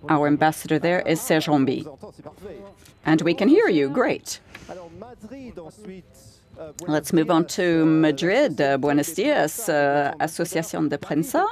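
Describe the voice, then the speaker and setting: A woman's voice: sits low, very animated, measured pace, long pauses, darkish tone. A woman hosting a live event, reading out a list of names with fillers and repeats. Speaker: event host.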